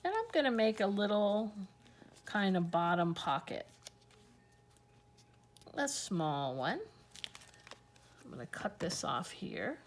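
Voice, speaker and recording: A woman's voice: medium pitch, sing-song, slow pace, long pauses, slight background noise. A woman hosting a casual crafting tutorial, chatting and thinking aloud as she talks through each step.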